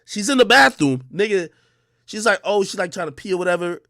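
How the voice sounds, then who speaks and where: A man's voice: sits high, a little fast, no room sound, clean studio sound. Guy streamer telling a story to chat, swoops up and down a lot, cussing and acting out the lines. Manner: animated, profane slang, acts out the dialogue. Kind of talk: casual storytelling to a live chat.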